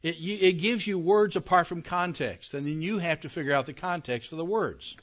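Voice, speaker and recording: A little fast and with a fairly bright tone, a man of slightly raised pitch teaches a Bible class in a classroom-lecture style for his congregation. He speaks plainly, keeps checking that listeners follow, and lengthens the words he stresses.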